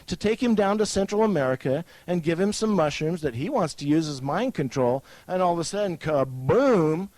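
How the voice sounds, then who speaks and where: Male speaker, slightly high voice, very lively pitch, dry close sound; animated storyteller who voices the people he quotes. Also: normal speed, few pauses, dry recording, poor audio.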